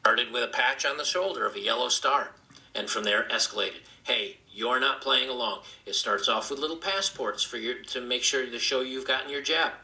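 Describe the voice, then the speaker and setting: A man delivering an earnest monologue with a gravelly fry and a very bright, tense tone. He stumbles and restarts his phrases often. The room around him adds a clear echo. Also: mid-range voice. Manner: earnest, halting with frequent restarts. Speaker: video commentator being reviewed. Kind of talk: opinion monologue.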